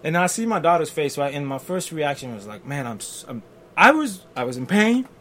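Animated man telling a story. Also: a little high, a little fast, slight background noise. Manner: animated, acts out quotes, fillers and restarts. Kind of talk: casual storytelling.

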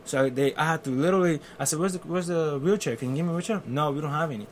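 A man's voice: a little high, racing, slight background noise. A man, telling a personal story in casual conversation and acting out the voices of the people in it. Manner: animated, acts out quotes, fillers and restarts.

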